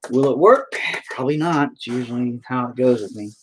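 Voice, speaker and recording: A man's voice: medium pitch, a little fast, slight background noise. A man talking to himself while painting, casual, profane and self-mocking, rambling and frustrated as he thinks aloud. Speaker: painting vlogger.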